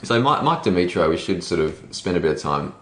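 A man co-hosting a casual book club podcast, telling the story with an animated, laughing delivery. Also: sits low, a little fast. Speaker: podcast co-host. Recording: roomy echo.

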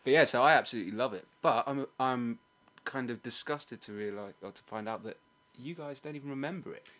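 A man's voice: medium pitch, fairly quick, fairly bright tone. A young man in a casual chat, enthusiastic and firm about his opinions.

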